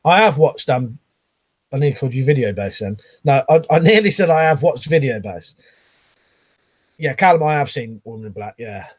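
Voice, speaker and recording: A man's voice: medium pitch, animated, moderate pace. A middle-aged man chatting casually on a live stream, reading out viewer comments and rambling, swearing freely.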